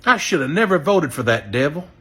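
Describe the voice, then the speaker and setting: A man from near Memphis, ranting angrily and profanely, his voice swinging between loud outbursts and low mutters. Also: sing-song, a little fast, slightly rough. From Southern US, near Memphis. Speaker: regretful voter. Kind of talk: angry direct-to-camera rant.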